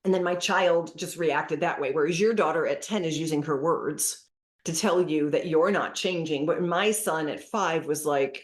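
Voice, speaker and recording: Middle-aged woman, animated storyteller, echoey room. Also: deep voice, normal speed. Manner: animated storytelling, acting out dialogues. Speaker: parenting specialist guest. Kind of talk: casual interview chat.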